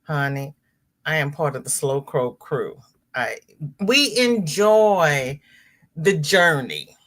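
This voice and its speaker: Woman livestream host, middle-aged, unhurried delivery, chatty, greets viewers by name. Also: deep voice, animated. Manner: greets viewers by name and reads out chat comments. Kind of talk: casual livestream chat.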